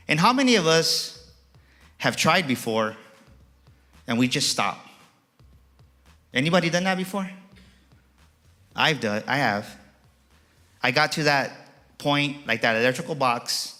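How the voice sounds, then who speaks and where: A motivational speaker addresses a live audience in an auditorium, his voice bright and forceful. He sits a little high for a man and keeps the energy up, acting out the dialogue in shifting voices as he goes. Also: lively intonation, normal speed, long pauses, soft background music. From Texas. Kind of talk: keynote speech to a live audience.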